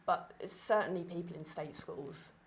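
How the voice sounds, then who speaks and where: A woman's voice: on the low side, unhurried, a little hiss or hum. Congested chatty woman podcaster. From Essex, England. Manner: chatty, animated, many fillers. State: congested and tired. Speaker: podcast host. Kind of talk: casual conversation.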